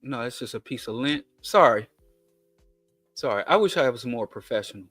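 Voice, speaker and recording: A man's voice: medium pitch, expressive, normal speed, a bit bright, no echo, soft background music. A man with a Kansas City twang hosting a political commentary monologue, digressive with emphatic lists and chatty asides. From Kansas City, USA. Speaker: show host.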